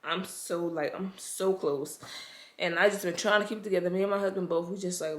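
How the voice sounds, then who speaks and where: A woman's voice: fairly low pitch, fairly even intonation, normal speed. Stressed woman venting to her viewers. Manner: talks straight to viewers, often says "y'all"; emotional, frustrated and anxious. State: stressed and overwhelmed. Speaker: pregnancy vlogger. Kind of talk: casual talk to camera.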